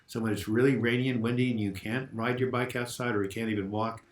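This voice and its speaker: A man's voice: medium pitch, steady tone, fast talker. Older male host with a cold, casual and chatty, answering viewer questions on a lapel mic at home. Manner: chatty, reads out viewer comments and answers them. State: getting over a cold. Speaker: host of a mental health Q&A. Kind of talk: casual live video chat. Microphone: lavalier mic.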